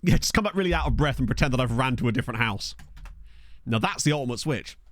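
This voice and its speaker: Talking fast, a streamer rambles and laughs through stories for his live chat while playing a football management game in a cramped bedroom. His pitch jumps around widely, and the close desk USB microphone captures a dry sound with no room echo.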